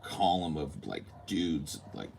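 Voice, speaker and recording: Podcast host, male, very deep voice, animated casual storyteller who swears. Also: slow pace, vocal fry, a little hiss or hum. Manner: animated, acts out quotes, swears freely.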